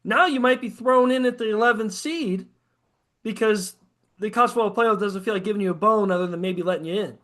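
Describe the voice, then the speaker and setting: A man with a high, light voice holds forth in loose podcast chat. He swears freely, rants with gusto and slips into mocking put-on quotes to make his points. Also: a little fast. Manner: profane, animated ranting with mocking quoted asides. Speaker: podcast co-host. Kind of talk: casual sports chat.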